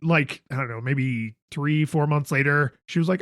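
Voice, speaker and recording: Man in his thirties, podcast co-host, wry and emphatic, quick to laugh, slightly high voice, dry sound. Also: fairly bright tone, dry recording. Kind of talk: casual chat.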